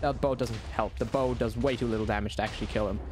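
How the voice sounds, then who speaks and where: A young man giving excited, profanity-laced commentary while he plays a video game and taunts the enemy out loud. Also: mid-range voice, quick pace, music in the background. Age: young adult. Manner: excitable, swears, talks to the enemy. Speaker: gaming YouTuber. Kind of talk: live gameplay commentary. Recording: noisy game sound under voice.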